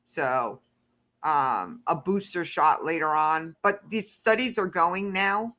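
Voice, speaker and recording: A woman's voice: deep voice, lively intonation, slow pace, bright, forceful tone. A woman talking casually to her livestream audience and reading out their comments as she goes. She rambles and restarts, and she turns heated and ranting when something annoys her. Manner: rambling, heated, talks back to the chat. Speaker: livestream host.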